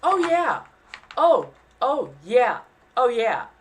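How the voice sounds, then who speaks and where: A young woman from the US West Coast chatting casually on a livestream, quick and self-mocking, often slipping into exaggerated voices when she acts out other people. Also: a little high, big pitch swings, background noise. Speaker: streamer.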